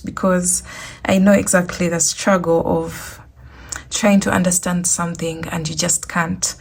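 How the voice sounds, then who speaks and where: Woman host, low fry-tinged voice, chatty how-to walkthrough. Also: a little mellow. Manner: chatty, repeats instructions. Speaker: crochet tutorial host. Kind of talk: casual screen tutorial.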